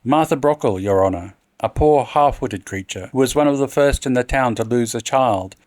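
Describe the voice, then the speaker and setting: A man's voice: mid-range voice, a little mellow, no echo, close to an everyday voice. A man voicing a deferential door porter who speaks respectfully. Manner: respectful, measured.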